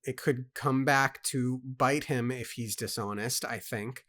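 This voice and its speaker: A man's voice: mid-range voice, unhurried, bright, forceful tone. A man co-hosting a casual book club, reading aloud and reacting emphatically, stammering when he is worked up.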